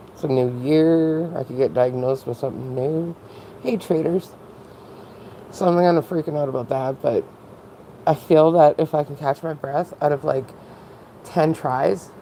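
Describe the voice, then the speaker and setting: Low gravelly woman, rambling candidly. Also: mellow, slight background noise, rough recording. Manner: rambling, candid, frequent laughs. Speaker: vlogger. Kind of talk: casual personal monologue.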